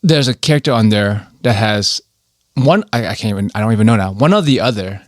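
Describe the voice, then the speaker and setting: A man's voice: lowish voice, a little fast, no room sound, studio quality. A man with a New York accent, co-hosting a podcast in casual chat and swearing freely. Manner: swears freely, animated storytelling. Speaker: podcast co-host.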